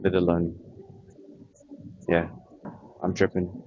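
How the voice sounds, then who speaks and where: A young man talks through his gameplay in a loose, wandering way, often trailing off mid-thought. His voice sits very low. The recording is a bit dull and muffled, with a faint hum underneath. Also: completely flat delivery, slow, mellow. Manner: rambling, offhand, trails off often. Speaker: gaming vlogger. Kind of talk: casual chat while playing a game.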